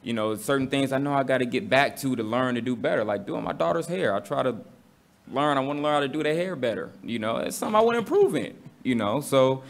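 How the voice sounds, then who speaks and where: A man's voice: mid-range voice, expressive, fast talker, vocal fry. A man with a casual, slangy manner, teaching a Bible study to a congregation and asking the room questions.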